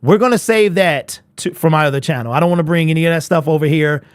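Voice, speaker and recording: A young man hosting a casual sports fan live stream, animated and chatty, answering viewers in chat. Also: fairly high pitch, quick pace, clear, resonant tone, dry recording. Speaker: host of a fan livestream.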